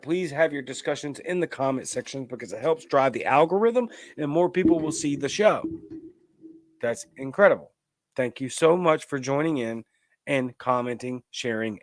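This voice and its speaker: A man's voice: mid-range voice, no echo, clean studio sound. A man hosting a political commentary show, ranting emphatically and reading out viewer comments. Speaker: host.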